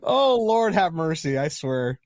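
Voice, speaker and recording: A man hosting a livestream chat show, talking in an excitable, exasperated way and swearing freely. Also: on the high side, measured pace, dry recording. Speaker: podcast host.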